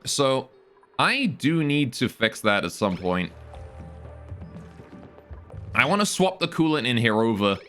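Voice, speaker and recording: A man's voice: mid-range voice, very animated, takes it slowly, pauses often, a bit bright, faint music behind. A man streaming a game live, joking with his chat while he plays. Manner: joking, chats with viewers while playing.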